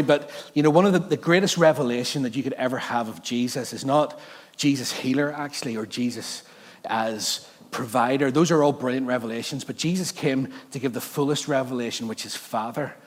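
Animated man preaching in a reverberant hall. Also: mid-range voice, fairly quick. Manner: animated, jokey, self-interrupting. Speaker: pastor. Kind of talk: sermon with humorous storytelling.

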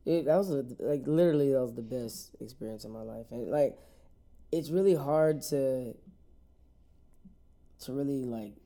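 A man's voice: medium pitch, moderate pace, vocal fry, pauses often, mellow. A man hosting a podcast, chatting casually and joking through laid-back stories. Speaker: podcast host. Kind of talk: casual interview chat.

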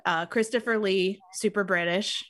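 A woman's voice: medium pitch, steady tone, moderate pace, a bit bright, no room sound. Chatty woman host, laughs a lot, filler words, dry close sound. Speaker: podcast co-host. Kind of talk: casual movie-review chat.

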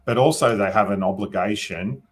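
Australian politician guest, deep husky voice, loose conversational answers with lots of "you know" asides. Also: male voice, normal speed. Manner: thinking aloud, often adds "you know" and "right?". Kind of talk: casual interview answers.

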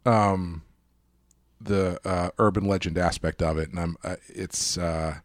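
A man's voice: deep voice, steady tone, measured pace, no room sound, clean studio sound. Hesitant man in casual podcast chat. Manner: hesitant, restarts often, laughs easily. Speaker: podcast co-host. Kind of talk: casual movie discussion.

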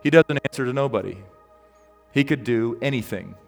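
A man preaching a sermon as a pastor, telling a story in a relaxed, conversational way with frequent ums and restarts. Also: medium pitch, normal speed, gravelly, long reverb tail, faint music behind.

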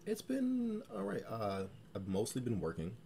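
A man's voice: medium pitch, moderate pace, creaky, slight background noise. A man co-hosting a podcast, chatting casually and hesitantly with many ums. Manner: relaxed, hesitant, lots of ums. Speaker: podcast co-host. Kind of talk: casual chat.

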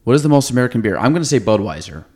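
A man's voice: medium pitch, sing-song, rapid-fire, darkish tone. A man hosting a podcast in casual chat, rambling and thinking aloud. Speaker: podcast host.

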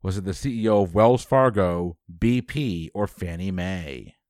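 A man hosting a trivia quiz, reading questions briskly and dropping dry quips. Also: low-pitched, expressive, darkish tone, no room sound.

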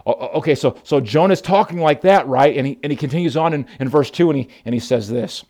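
A man's voice: medium pitch, quick pace, few pauses, darkish tone. A male pastor preaching a sermon in an emphatic way, often repeating words as he restarts his sentences.

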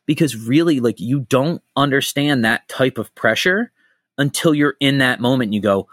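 Animated man with a dry close sound. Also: mid-range voice, moderate pace, no room sound. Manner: animated storyteller, acts out quotes. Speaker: podcast host. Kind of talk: casual interview chat.

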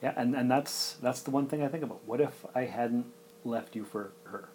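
A man's voice: medium pitch, mellow, slight background noise. A man co-hosting a podcast, reflecting candidly on his past and his upbringing. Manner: quick, reflective, lots of short agreements. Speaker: podcast co-host. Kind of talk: candid personal conversation.

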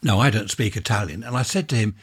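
Husky, low-voiced older Englishman rambling. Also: fast talker. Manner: chatty, wandering, with chuckling asides. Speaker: podcast host. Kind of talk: rambling casual monologue.

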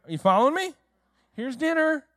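A male pastor delivers a sermon in a high voice with sweeping swings of pitch. He keeps checking in with the congregation and asking them questions. The sound is dry and close, with little room echo. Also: very animated, fairly quick, fairly bright tone. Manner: speaks directly to listeners in the room.

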